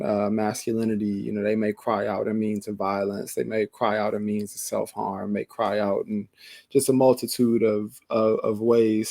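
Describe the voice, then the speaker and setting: Podcast host guy, low flat voice, dry close sound, slow careful questions. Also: creaky, no echo. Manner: measured, thoughtful, many fillers. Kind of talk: casual interview.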